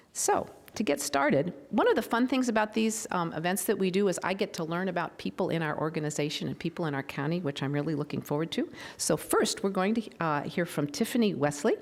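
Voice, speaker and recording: A woman, a local official, hosts a public event as master of ceremonies, chatting informally with asides and fillers before reading a proclamation. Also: fairly low pitch. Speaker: county board member, master of ceremonies. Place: public event room with an audience.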